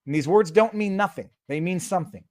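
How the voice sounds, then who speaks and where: A host runs a casual live stream, reading text aloud and translating it as he goes. His voice is slightly high with a darkish tone, and his brisk delivery is sarcastic. The sound is close and dry.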